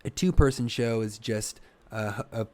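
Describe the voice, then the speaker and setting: With a moderate pace and a voice on the low side, a young adult comedian from Ohio recounts a crude, casual story for a podcast. He gets animated, curses, and acts out voices throughout.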